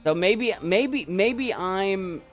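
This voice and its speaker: Young guy streamer rambling at his desk, second-guessing himself, kinda high voice, faint music behind. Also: expressive, drawn-out words. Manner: rambling, self-doubting, repeats himself. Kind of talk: casual live-stream chat. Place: home desk setup.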